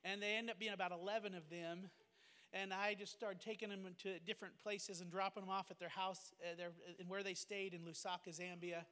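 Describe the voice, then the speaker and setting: A man with a high-pitched voice recounts a personal testimony as a pastor and missionary. He speaks earnestly, fervently and with plain emotion. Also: little pitch movement, fairly quick, bright, forceful tone, clean tone, long reverb tail. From United States.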